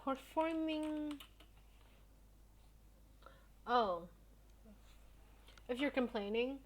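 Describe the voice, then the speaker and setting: A woman's voice: sits high, extremely slow. A young woman streamer chatting casually with her viewers, telling a story in a blunt, indignant way and swearing often.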